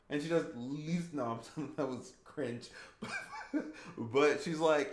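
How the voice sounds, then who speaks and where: A man's voice: mid-range voice, slow pace. Chatty male game streamer, echoey room. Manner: chatty, reacts to chat with laughs. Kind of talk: casual game stream chat.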